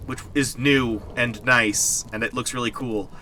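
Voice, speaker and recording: A man live-streaming an online game, talking excitedly and rambling to his viewers, laughing often. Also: medium pitch, unhurried, few pauses, a little hiss or hum. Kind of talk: live gameplay stream chat.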